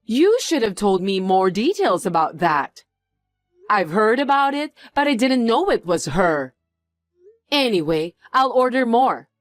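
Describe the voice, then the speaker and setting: A woman's voice: medium pitch, sing-song, a little slow, no echo, soft background music. A woman voicing a snobbish, mocking wealthy woman who talks down to others in a drama. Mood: flustered. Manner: condescending, taunting.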